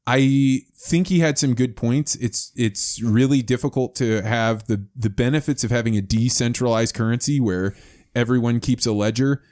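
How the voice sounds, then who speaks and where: A man's voice: medium pitch, normal speed, darkish tone. A man hosting a podcast interview, talking in eager bursts with frequent restarts. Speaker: podcast host. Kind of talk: casual interview chat.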